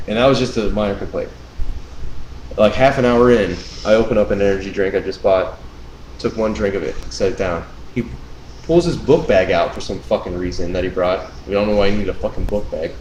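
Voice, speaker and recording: Casual podcast host: low-voiced man, profane ranting storyteller, roomy recording. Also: a little fast, a little mellow, a little hiss or hum. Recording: roomy room sound.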